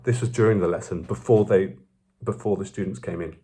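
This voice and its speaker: A man's voice: low-pitched, a little fast, slightly rough. Rambling young man. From Belgium. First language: French. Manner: rambling, self-correcting, animated. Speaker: vlogger. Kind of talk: casual storytelling.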